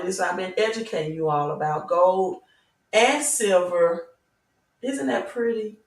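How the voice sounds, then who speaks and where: A woman's voice: medium pitch, measured pace. A Southern-accented woman hosts a livestream and talks at viewers in an emphatic, preachy way, with rhetorical questions like "right?" throughout. She sits back from the mic. Her voice rings in a roomy, echoing space. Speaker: crypto channel host. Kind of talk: livestream talk reading chat. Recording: roomy echo, mic at a distance.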